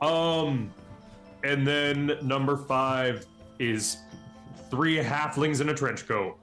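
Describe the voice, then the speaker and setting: A man's voice: mid-range voice, slow, a bit bright. A man playing a tabletop game, talking casually with hesitant ums. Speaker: player. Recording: roomy sound with faint music.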